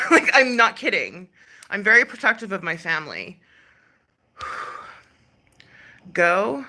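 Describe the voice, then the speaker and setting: Lively, bright-voiced woman ranting. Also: medium pitch, moderate pace. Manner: exasperated, swearing, many fillers and sighs. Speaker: ASMR creator ranting on a live stream. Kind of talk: casual rant.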